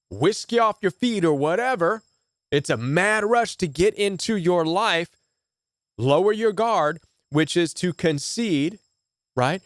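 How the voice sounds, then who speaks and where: A man's voice: fairly high pitch, no room sound. Emphatic man coaching, dry close sound. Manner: emphatic, repetitive, asks rhetorical "right?". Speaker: relationship coach. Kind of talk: direct-to-camera commentary.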